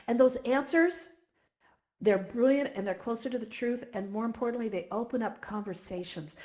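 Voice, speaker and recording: A woman's voice: fairly high pitch, expressive, moderate pace. A woman giving a heartfelt, emotional talk to a virtual reality community, speaking effusively and close to tears at times.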